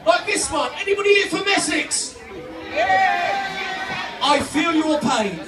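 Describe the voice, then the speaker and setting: Man, stand-up comic, loud punchy delivery, high voice, recorded from far off. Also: expressive, takes it slowly, noisy background. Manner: loud, punchy, shouting over the crowd. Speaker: comedian and impressionist. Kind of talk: live stand-up comedy. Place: holiday park entertainment stage. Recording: echoey room, from far off, music and crowd.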